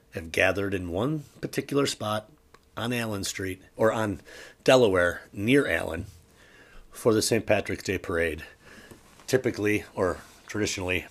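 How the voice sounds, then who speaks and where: A man with a very deep, low-pitched voice hosts his own podcast in an easygoing solo chat. He is middle-aged and rambles, often stopping to correct a detail mid-sentence. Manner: rambling, self-correcting, chatty. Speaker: podcast host.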